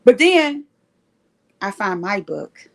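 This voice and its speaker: A woman hosting a casual live stream, telling a story in an animated, emphatic way. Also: medium pitch, takes it slowly, gravelly. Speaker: livestream host sharing recovery story.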